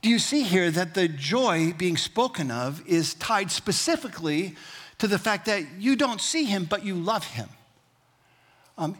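Male pastor, husky voice, folksy sermon with light jokes and call-and-response. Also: high voice, fairly bright tone. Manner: conversational and folksy, with humorous asides; leads the congregation in call-and-response.

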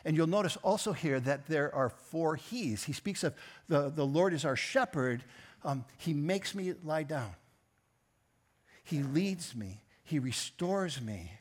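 Guy preaching a sermon, kinda high voice, earnest, gets loud then goes quiet. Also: expressive, a little slow. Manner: earnest, swells in pitch and volume on key phrases, drops soft at line ends. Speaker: pastor.

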